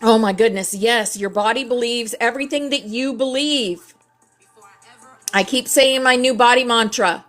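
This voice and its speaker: A woman hosting a spiritual class who sounds hoarse and scratchy, talking in a lively way and saying affirmations aloud. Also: fairly high pitch, a little slow, faint music behind. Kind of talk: casual livestream class, reading affirmation cards.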